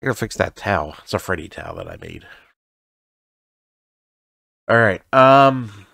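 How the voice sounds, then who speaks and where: A man's voice: lowish voice, wildly swooping pitch, normal speed, vocal fry, sharp tone, no echo. A man co-hosting a chatty podcast from his home studio, rambling and swearing casually. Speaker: podcast co-host. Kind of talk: casual chat.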